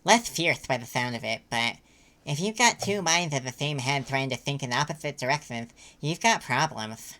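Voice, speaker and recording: A woman voicing a calm male soldier who speaks in a relaxed, matter-of-fact way. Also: a bass voice, normal speed.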